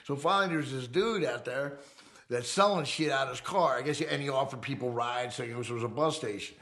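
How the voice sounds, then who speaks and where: A middle-aged man telling his own story in a casual, animated and profane way, acting out the people in it. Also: mid-range voice, fairly quick. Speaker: interviewee.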